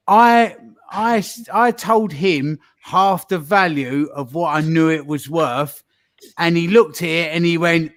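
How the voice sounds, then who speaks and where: A man telling an unhurried anecdote as a guest on a stream. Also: on the high side. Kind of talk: casual anecdote.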